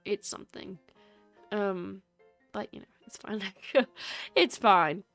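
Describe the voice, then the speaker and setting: A woman's voice: mid-range voice, takes it slowly, creaky, a bit bright, faint music behind. Chatty, rambling woman game streamer. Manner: chatty, rambling, self-deprecating. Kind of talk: casual live-stream chat. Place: small bedroom. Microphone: streaming setup.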